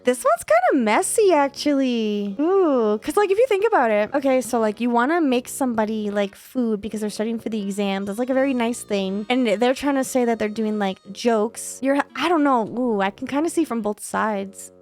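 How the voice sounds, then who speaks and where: A woman hosting a reaction video, chatting casually with frequent "like" fillers and quick exclamations. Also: a little high, expressive, a little mellow. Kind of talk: casual commentary reading and reacting to online posts.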